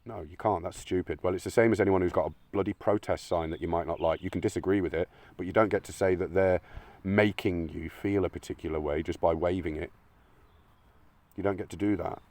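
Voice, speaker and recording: A man delivers a combative, sweary monologue in a deep voice. He argues with imagined critics and sometimes mocks them in silly put-on voices. The close recording is dry, with little room sound. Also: fairly even intonation, a little fast, a little mellow, dry recording. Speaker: video essayist. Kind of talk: opinionated monologue.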